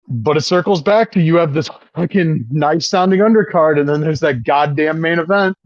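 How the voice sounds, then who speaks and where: A man's voice: fairly high pitch, normal speed, no room sound, muffled recording. A man co-hosting a podcast in casual chat, swearing often and talking with eager enthusiasm. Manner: profane, enthusiastic wrestling fan. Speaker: podcast co-host.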